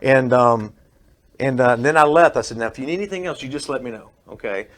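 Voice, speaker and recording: A man's voice: medium pitch, brisk. A man with an ordinary mid-range voice, talking as a guest in a radio studio. He tells his story earnestly and acts out the people he quotes, his tone plain and sincere. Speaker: guest, pest control worker and pastor. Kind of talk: casual radio chat, telling a story.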